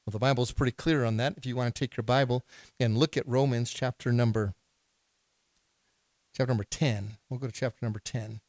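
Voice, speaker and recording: A man's voice: mid-range voice, fairly even intonation, brisk, darkish tone, dry recording. Preacher man, dry close sound. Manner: preaching with rising, emphatic outbursts and questions to the congregation. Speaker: pastor. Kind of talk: sermon.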